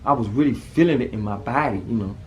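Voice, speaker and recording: A man, telling a personal story to camera in a casual, animated way that leaps up in pitch when he acts out panic. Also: quick pace, a little hiss or hum. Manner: animated, jumps high when acting out panic.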